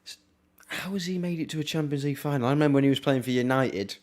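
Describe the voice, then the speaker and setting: This watchalong streamer, a young Englishman, chats casually through a live football match for his audience. His voice is ordinary, mid-pitched and somewhat dark, and he fills gaps in the play with quick reactions and wry remarks.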